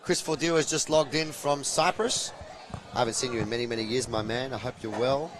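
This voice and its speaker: Male pool host, mid-pitched, chatty banter, live match commentary. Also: a little fast. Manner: chatty, playful banter, gives shout-outs to viewers. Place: commentary box at a pool venue.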